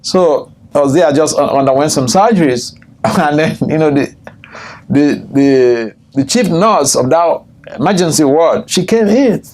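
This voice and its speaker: Lively older male swami telling stories. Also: unhurried. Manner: storytelling, chuckles often, jumps high in pitch for quoted speech. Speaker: swami teaching scripture. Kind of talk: scripture class with personal anecdotes. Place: temple room.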